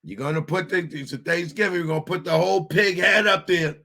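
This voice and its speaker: A man's voice: high voice, a little fast, creaky, pushed and bright, pitched above the performer's own voice, exaggerated voice. A man voicing a scheming Italian-American mafia man with conspiratorial, wheedling mob-boss talk.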